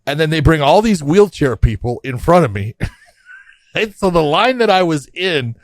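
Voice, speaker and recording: A man's voice: a little high, normal speed, no echo. Laughing man telling travel stories. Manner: animated anecdotes, laughs often, acts out quoted exchanges. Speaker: podcast co-host. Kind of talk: casual storytelling chat.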